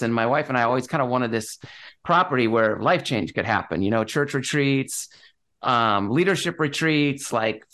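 A man's voice: medium pitch, a bit bright. A man, a real estate investor guest, talking casually and enthusiastically, with lots of fillers and restarts. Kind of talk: casual interview talk.

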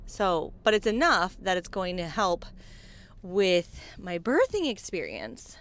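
A woman's voice: fairly low pitch, big pitch swings, slow pace. Chatty pregnant woman podcasting. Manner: chatty, says "like" often, laughs between phrases. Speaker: podcast host. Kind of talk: casual solo podcast chat.

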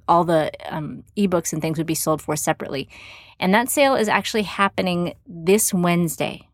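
A woman's voice: on the low side, no room sound, clean studio sound. A woman with a mild Texan accent hosting a podcast, chatting in an upbeat way with many fillers and restarts. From Texas, USA. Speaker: podcast host. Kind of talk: casual podcast interview.

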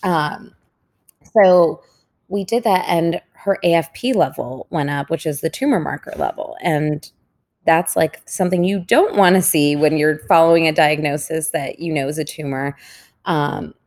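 A woman's voice: low-pitched, normal speed, a little mellow. A woman, a parent of a young patient, recounting her experience in earnest, reflective casual conversation.

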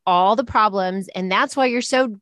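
A woman's voice: medium pitch, normal speed, a bit bright, no echo, studio quality. A woman hosting a podcast who asks probing questions in a casual chat.

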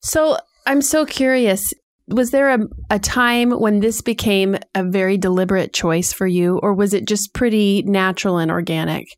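A woman's voice: medium pitch, dry recording. Encouraging woman co-host, dry sound. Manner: encouraging, quick affirmations and curious questions. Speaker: podcast co-host. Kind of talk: interview conversation.

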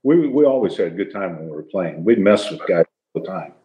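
Low-pitched, animated and a little fast, this retired football player laughs his way through jokey stories about his playing days. He's an older man speaking casually as a guest, captured on lo-fi, reverberant audio.

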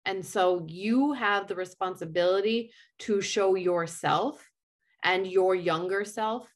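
A woman's voice: medium pitch, takes it slowly. Earnest rambling woman in her forties. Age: 40s. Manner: earnest, rambling with frequent "like" and restarts. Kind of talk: casual conversational chat.

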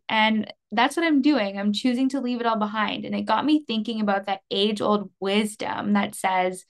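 A woman in her twenties from Canada, hosting a podcast in an earnest, emotional monologue, laughing softly between phrases. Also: medium pitch, fairly even intonation, moderate pace. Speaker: podcast host. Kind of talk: personal reflective monologue.

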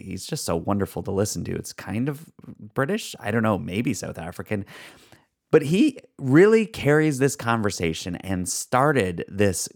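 A man with a low, gravelly voice hosts a solo podcast. He talks upbeat and leans on key words by drawing them out slowly. The fry in his voice runs steadily through the talk. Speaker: podcast host.

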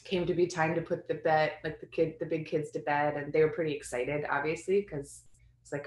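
A woman's voice: deep voice, fairly even intonation, moderate pace, fairly bright tone. Candid woman telling a personal story. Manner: candid and rambling, with many fillers and restarts. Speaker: guest sharing a birth story. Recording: roomy echo.

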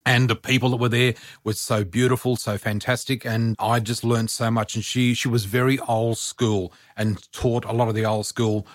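Animated middle-aged man telling stories. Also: medium pitch, moderate pace, hardly any pauses, no echo, clean studio sound. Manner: animated storyteller, acts out voices, laughs often. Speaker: guest, spiritual teacher. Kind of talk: storytelling in a podcast chat.

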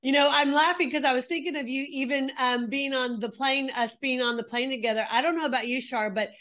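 A woman hosting an online interview, speaking in a reflective, unhurried way. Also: high-pitched, steady tone, fairly bright tone. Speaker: host. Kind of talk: casual interview chat.

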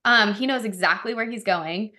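Bright-voiced chatty woman podcaster. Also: mid-range voice, moderate pace. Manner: animated storytelling, lots of "like". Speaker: podcast host. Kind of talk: casual chat.

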